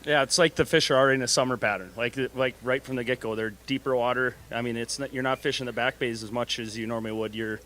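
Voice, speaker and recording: Fast-talking angler, casual. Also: male voice, medium pitch, steady tone, a bit bright, slight background noise. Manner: quick, casual, laughing. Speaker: tournament angler. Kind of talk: answering interview questions.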